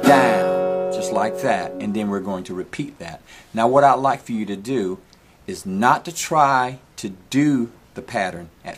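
Male guitar instructor, slow and patient, lowish voice, counts strums aloud. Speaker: guitar teacher.

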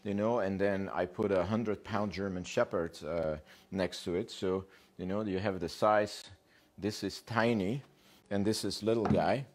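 A man lecturing on dog behavior as a trainer, animated and casual, acting out what dogs think and swearing now and then, with frequent "yeah?" check-ins. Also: low voice. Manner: animated, acts out dogs' thoughts in quick voices, swears casually.

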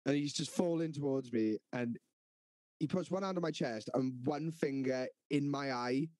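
A man's voice: mid-range voice, normal speed, no echo. A man on a podcast, animatedly telling a sweary story and acting out what people said. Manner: animated, sweary, acts out quotes. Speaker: podcast co-host. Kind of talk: casual storytelling among friends.

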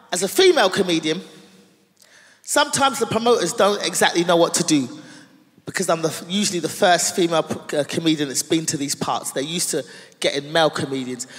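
A woman with a London accent doing stand-up, telling a story with animated pitch swings that build to her punchlines. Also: moderate pace. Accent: London English. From London, England. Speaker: stand-up comedian. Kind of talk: stand-up comedy set. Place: large concert venue. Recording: reverberant live venue.

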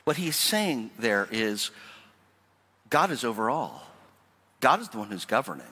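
Pastor, male, preaching with a lively, rising and falling delivery, bright edge, church hall reverb. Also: mid-range voice, measured pace, slightly rough. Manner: animated, emphatic preaching with rhetorical questions. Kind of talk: sermon. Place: church sanctuary.

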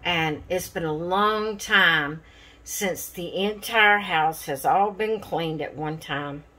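A woman hosting a casual craft vlog, tired and chatting in an unhurried, rambling way. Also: lowish voice, bright, forceful tone. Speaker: craft channel host.

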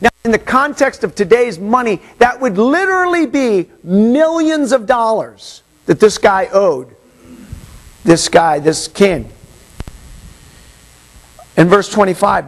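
A male pastor preaching in an animated way, slipping into the voices of the story he tells. His voice sits high and swings widely. There is a gravelly edge to it. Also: rough recording. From Hawaii. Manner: animated, acts out the parable's voices. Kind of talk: sermon. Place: church.

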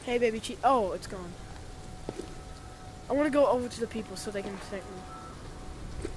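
A young woman chatting casually while playing a VR zombie game, jumpy and quick to shriek when scared. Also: a little high, noisy background. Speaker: gamer. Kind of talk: casual VR gameplay commentary.

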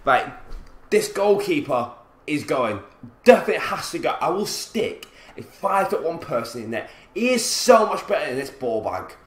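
A man commentating his own football video game play, frustrated and swearing, with sudden loud outbursts. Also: on the high side, big pitch swings, moderate pace, slight background noise. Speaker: gaming commentator. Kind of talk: gameplay commentary. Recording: roomy echo.

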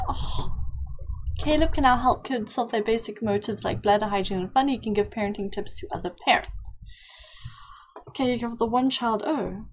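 A young woman giving chatty, excitable commentary while playing a life-sim game, often squealing in delight. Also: medium pitch, normal speed, slight background noise. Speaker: gaming YouTuber. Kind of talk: gameplay commentary.

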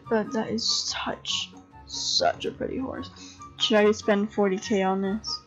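A tired young woman giving casual commentary on a horse game, chatty and excitable, swearing freely and breaking into gasps and laughs. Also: mid-range voice, unhurried. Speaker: gamer commentator. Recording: dull lo-fi home recording with faint game music.

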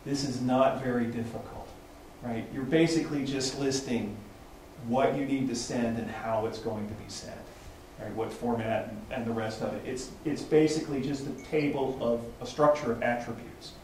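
A man's voice: medium pitch, steady tone, normal speed, darkish tone. A man presents to a small group at a meetup, talking loosely and checking in with "right?" as he goes. He is picked up from a distance in a very echoey room. A faint hum of ambience sits beneath him. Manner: loose, conversational, with frequent restarts and "right?" checks. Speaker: presenter at a tech meetup lab.

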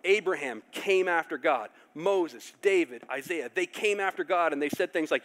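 A male pastor preaching a sermon, animated, acting out characters with loud outbursts. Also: a little high, normal speed.

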